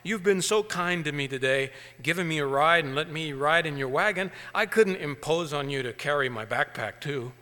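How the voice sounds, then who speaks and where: A man's voice: fairly high pitch, moderate pace, hardly any pauses, bright, forceful tone, big-room sound. A man doing a polite young hitchhiker. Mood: earnest.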